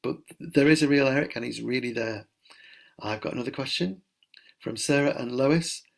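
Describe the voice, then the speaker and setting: Middle-aged male author for a home live Q&A, gravelly, rambling and keen. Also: mid-range voice, normal speed. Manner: chatty, enthusiastic, rambling. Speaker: children's author answering reader questions. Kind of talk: casual live Q&A. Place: at home during lockdown.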